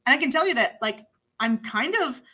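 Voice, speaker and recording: Woman accent coach chatting on the radio, lots of mm-hmms, bright tense voice. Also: high-pitched, fairly quick. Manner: animated, many affirming mm-hmms. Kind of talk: casual radio conversation.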